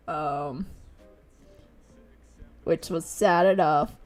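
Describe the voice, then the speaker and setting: A woman's voice: on the low side, slow pace, long pauses, darkish tone. A woman streaming as she draws, chatting casually and giggling as she retells things with acted quotes. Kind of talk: casual chat while drawing.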